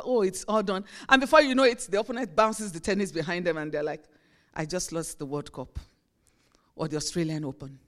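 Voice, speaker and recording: A woman pastor with a somewhat high voice preaches in a relaxed, chatty way. She slips into short acted-out lines to show everyday examples to the congregation. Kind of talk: sermon.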